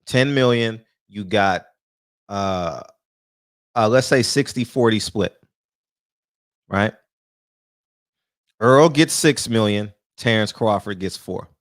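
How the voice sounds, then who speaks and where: A man's voice: lowish voice, takes it slowly, pauses often, no room sound, studio quality. A man, hosting a live-streamed boxing talk show, greeting viewers by name in loose, casual chat, swearing easily and laughing often. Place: small room.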